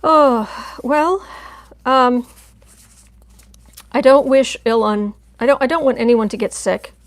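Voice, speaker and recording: Her pitch is fairly high and her intonation fairly even as she talks slowly. She's a tarot channel host rambling casually on a live stream, chatty throughout and softly cooing to her cat.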